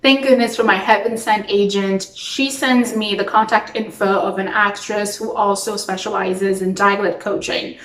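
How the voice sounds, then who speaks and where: A young adult woman from Toronto, telling an acting story in a chatty, expressive way, with lots of "like.". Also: mid-range voice, normal speed, hardly any pauses, reverberant, poor audio. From Toronto, Canada. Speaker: actress. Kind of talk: storytime vlog.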